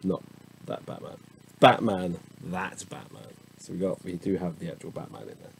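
A man's voice: low voice, vocal fry, slightly rough, poor audio. A tired middle-aged man, casually reading dictionary entries aloud with musing asides. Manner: slow, musing, chatty asides.

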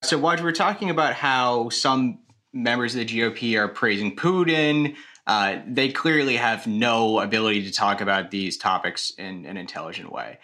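A man asking an interview question in a measured, careful way. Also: medium pitch, bright, forceful tone.

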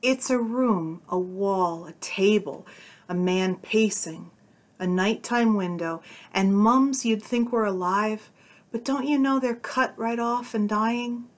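A woman's voice: medium pitch, slow. A woman reading a short story aloud, giving the dialogue its own tone. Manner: voices the characters' dialogue with shifts of tone. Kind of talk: audiobook-style story reading.

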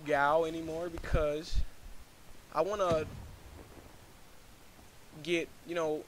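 A man's voice: fairly high pitch, flat delivery, takes it slowly. A young man giving casual gameplay commentary as a gaming YouTuber, rambling and earnest, with lots of fillers. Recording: game audio noise behind. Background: gunfire and game sounds.

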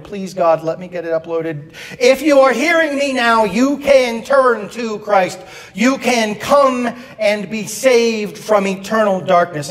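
A man's voice: sits high, long reverb tail. A man preaching a sermon to his congregation, earnest, with wry asides. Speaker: pastor. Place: church sanctuary.

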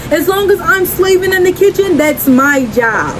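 High-voiced young woman commentating a game. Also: animated, moderate pace. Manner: chatty, reactive, slangy. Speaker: gaming creator. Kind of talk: casual gameplay commentary. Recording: game noise behind voice.

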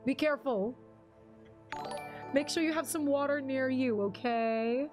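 High-voiced giggly woman streamer. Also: unhurried, over music. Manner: chatty, giggly, reads chat names aloud. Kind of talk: casual live-stream chat.

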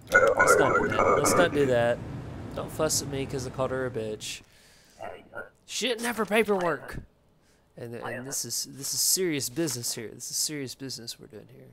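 Gravelly man rambling over gameplay. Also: mid-range voice, moderate pace, heavy background noise. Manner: rambling, joking, swears casually. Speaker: game commentator. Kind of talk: let's play commentary. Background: video game music.

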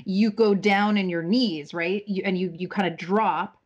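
A woman's voice: mid-range voice, steady tone, unhurried, breathy edge. Chatty woman on lo-fi audio. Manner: chatty, laughs often, tells stories with quoted asides. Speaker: actress guest. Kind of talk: casual podcast chat.

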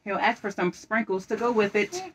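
A woman reading a children's book aloud at home, playful and coaxing, giving quick directions during pretend play. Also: mid-range voice, fairly even intonation, soft background music, low-quality recording.

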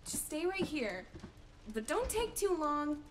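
A woman's voice: sits high, very animated, measured pace, slight background noise. A woman voicing a flirty, teasing wife in a horror game, coaxing and playful.

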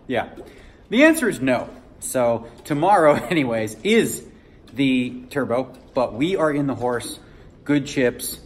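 A chatty man recording a casual vlog, speaking at a middle pitch in a loose, offhand way. He laughs often and calls his viewers "y'all." Steady ambient noise sits clearly behind him. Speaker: poker player vlogging his tournament day.

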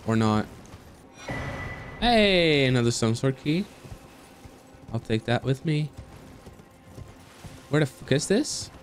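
Streamer man, very lively pitch, swears, talks at the game, faint music under. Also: slow pace, long pauses. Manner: animated, swears, talks to the game, yelps and squeals. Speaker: gaming streamer. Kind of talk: casual gameplay commentary.

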